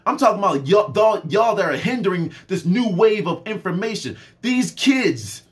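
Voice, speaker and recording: A man's voice: high-pitched, sing-song, normal speed, hardly any pauses. A young adult man giving an impassioned, preachy rant straight to his audience as a spiritual and health vlogger.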